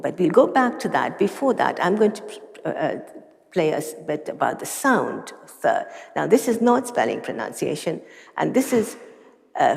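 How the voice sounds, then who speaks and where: A woman's voice: sits low, gravelly, darkish tone. A woman giving an academic lecture with dry humor and casual asides in a large lecture hall. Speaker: conference lecturer. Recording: long reverb of a lecture hall.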